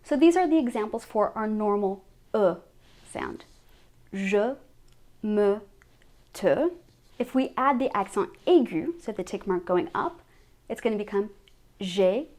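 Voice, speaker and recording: A woman French teacher giving a scripted lesson, modelling each sound slowly and clearly. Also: on the high side, a little mellow.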